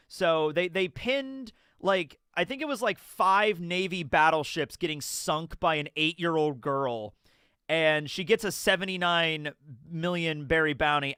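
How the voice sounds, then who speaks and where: A bright, forceful male voice rambles through a casual manga chapter review. He swears freely, laughs along, and sometimes breaks into loud, high-pitched outbursts. The sound is dry and close, with a smooth, clear tone. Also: no room sound. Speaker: anime and manga reaction host.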